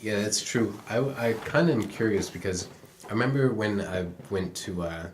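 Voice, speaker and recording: A young Canadian man with a notably deep voice rambles through stories in casual podcast chat. He swears freely and pads his talk with ums and uhs. Faint noise sits behind him. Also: moderate pace. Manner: rambling, profane storytelling with many fillers. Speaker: podcast co-host.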